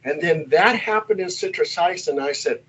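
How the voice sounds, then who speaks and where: A male paranormal investigator telling stories in casual chat, animated and acting out the voices in them. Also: on the high side, moderate pace, breathy edge, lo-fi sound. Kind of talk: casual storytelling.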